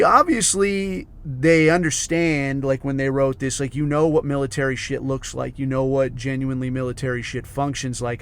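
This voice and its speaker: A man's voice: medium pitch, clean tone. A man hosting his own podcast, telling a long rambling story full of swearing and fillers. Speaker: podcast host. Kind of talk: casual rambling monologue.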